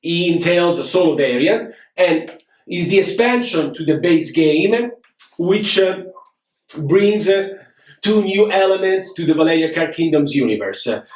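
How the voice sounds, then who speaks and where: Host, male, lively and filler-heavy, somewhat high voice, recorded roomy and off-mic. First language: Italian. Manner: animated, many fillers and restarts. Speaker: board game show host. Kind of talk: casual board game review. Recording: roomy, from a distance.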